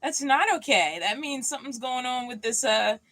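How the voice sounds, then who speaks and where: A woman's voice: high-pitched, expressive, normal speed, a bit bright, no echo, poor audio. A worn-out woman chatting casually and loosely on a livestream from inside the box truck she lives in. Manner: easygoing, chatty, loose and unscripted. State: mentally worn out. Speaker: vanlife vlogger hosting a livestream. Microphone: streaming mic, at times leaning away from it.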